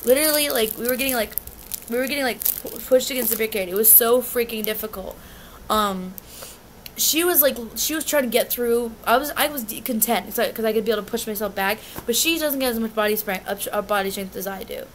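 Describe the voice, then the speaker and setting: A woman's voice: fairly high pitch, fast talker, slight background noise. A young woman telling a concert story in a casual vlog, agitated and rambling, often restarting and swearing. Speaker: concert fan recounting an experience.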